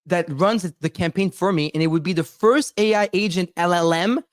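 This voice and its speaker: A man's voice: high-pitched, normal speed, no room sound, clean studio sound. A Canadian man hosting a casual crypto show over a video call, loose and joking, swearing freely. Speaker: podcast host.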